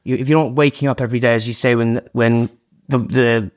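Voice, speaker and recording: A man's voice: mid-range voice, steady tone, fairly quick. A man hosting a podcast interview, chatty and swearing freely as he sums up lessons for listeners. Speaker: podcast host. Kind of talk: casual interview chat.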